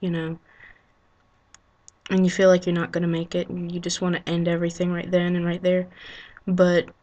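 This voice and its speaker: A woman talking unscripted to her webcam, halting and emotional, with frequent sighs, ums and you-knows. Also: lowish voice, monotone, warm tone, dull audio. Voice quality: sighing. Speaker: vlogger. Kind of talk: unscripted heartfelt monologue to camera. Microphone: built-in webcam mic.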